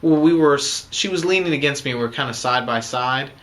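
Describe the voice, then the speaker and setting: A man's voice: medium pitch, fairly quick, a bit bright. A young man casually telling the story of his proposal, rambling with lots of fillers. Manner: rambling, many fillers like "you know" and "um".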